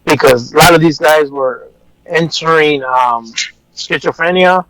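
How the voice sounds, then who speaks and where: A man, a corrections officer, recounting an experience in a casual, halting way as an interview guest. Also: on the high side, a bit bright, dry recording, poor audio.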